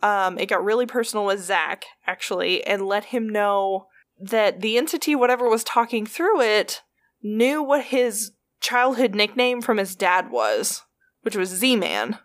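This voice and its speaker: A woman's voice: mid-range voice, lively intonation, a little slow. A woman casually telling stories as a podcast host, chatty and profane, full of fillers. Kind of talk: casual storytelling.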